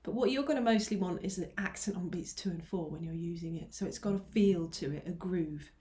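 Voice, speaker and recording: A woman teaches ukulele in a patient, steady way, counting the beats out loud as she plays. Her pitch sits in a middle range, and a faint hiss runs behind her voice. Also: fairly quick. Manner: patient, counts beats aloud while strumming. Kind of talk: online music lesson. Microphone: mic close by, teacher moves nearer. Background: ukulele strumming.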